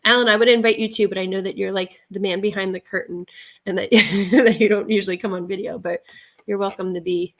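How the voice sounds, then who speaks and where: A middle-aged woman hosting a casual reseller livestream, ranting in a chatty, animated way and acting out her exchanges with others. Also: medium pitch, brisk. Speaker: online reseller livestream host.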